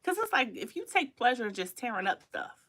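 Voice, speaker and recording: Bright-voiced chatty woman livestreaming. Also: a little high, big pitch swings, brisk. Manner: chatty, emphatic, repeats herself, laughs often. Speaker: livestream host. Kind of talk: casual livestream talk.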